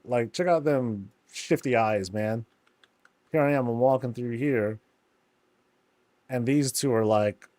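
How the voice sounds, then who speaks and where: A man's voice: mid-range voice, unhurried, a little mellow, no room sound. A man casually commenting on a game, telling stories animatedly with slangy asides. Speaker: game streamer.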